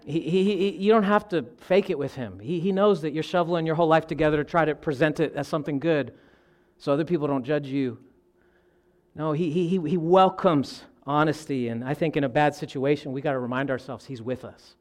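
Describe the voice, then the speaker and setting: High-pitched, animated preacher man. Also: fairly quick. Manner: animated preaching, addresses the congregation as y'all. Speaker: pastor. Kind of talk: sermon.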